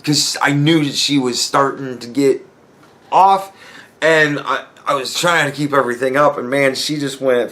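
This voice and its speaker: A man's voice: on the high side, moderate pace, fairly bright tone. A young man hosting a podcast, talking in a rambling, profane, casual monologue and laughing as he tells stories. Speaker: podcast host.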